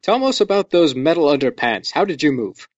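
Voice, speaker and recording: A man's voice: on the high side, big pitch swings, brisk, no room sound. A man co-hosting a podcast, chatting casually and enthusiastically about a movie, with some swearing and joking. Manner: enthusiastic, profane, jokey. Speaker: podcast co-host. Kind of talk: casual movie commentary chat. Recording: dull lo-fi dry sound.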